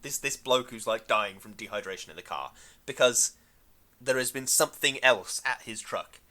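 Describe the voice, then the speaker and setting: A man's voice: mid-range voice, moderate pace, pushed and bright. A man co-hosting a podcast, chatting casually about a film in a rambling, hesitant way with many fillers. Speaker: podcast co-host.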